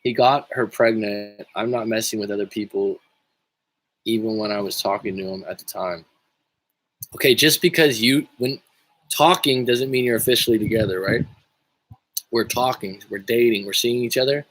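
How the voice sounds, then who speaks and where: A man's voice: on the low side, normal speed, fairly bright tone, rough recording. A man coaching on a livestream in a casual, joking and profane way, rambling with frequent restarts while reading viewer comments. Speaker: life coach.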